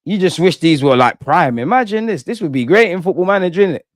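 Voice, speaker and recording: A man hosting a casual live-stream reaction, animated and slangy as he answers his viewers' chat. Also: high voice, fast, no echo, clean studio sound. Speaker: football channel host.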